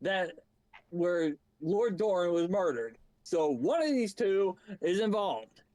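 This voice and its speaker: A high-voiced man with a dry, close sound argues his case during an online tabletop game. He is pushy and excitable and swears freely as he presses the others. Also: slow pace, dry recording. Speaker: player. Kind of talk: casual game chat.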